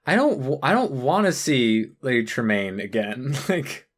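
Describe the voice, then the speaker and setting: A podcast co-host in casual chat, ranting with a lot of swearing and halting restarts. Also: mid-range voice, sing-song.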